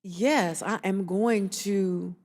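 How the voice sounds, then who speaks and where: A woman in her forties, a therapist from Atlanta, Georgia, telling stories in a lively, animated way on an interview podcast. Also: mid-range voice, extremely slow. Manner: animated storytelling, acts out quoted voices. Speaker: therapist and executive coach, guest. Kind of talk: casual conversational interview.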